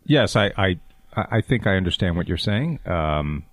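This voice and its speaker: A man's voice: low-pitched, expressive, moderate pace, no echo. A man on a comedic talk radio show, speaking in a formal, stiff and hesitant way.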